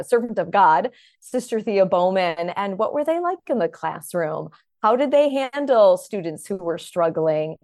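A woman author and teacher from the Chicago area, a guest on a podcast, telling her story in an animated, enthusiastic way. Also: fairly low pitch, dry recording, clean studio sound. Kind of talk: conversational interview.

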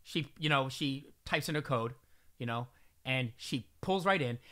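A man's voice: medium pitch, measured pace. A man telling a story to friends in casual chat, acting out the lines of the people in it. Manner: acts out quotes in shifting voices, lively.

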